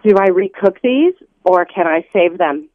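A woman calling in to a radio show, chatty and excited. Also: on the low side, a little slow, heavy background noise. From Southern United States. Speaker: caller. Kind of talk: phone-in chat. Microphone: telephone. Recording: dull phone line.

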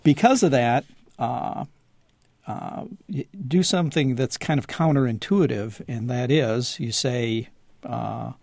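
A man with a gravelly, fry-laden voice talks through dog behavior on a call-in radio show. He is easygoing and slips into little acted-out lines. The sound is dry and close. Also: medium pitch, normal speed, a little mellow, no room sound. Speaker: dog trainer guest.

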